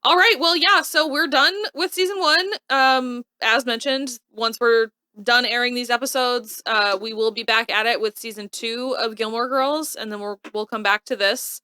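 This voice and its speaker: A woman co-hosting a show, chatting casually as she recaps an episode with lots of "like" and quick asides. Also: on the high side, clean tone, no room sound. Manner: lively, animated retelling with frequent "like". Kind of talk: casual chat.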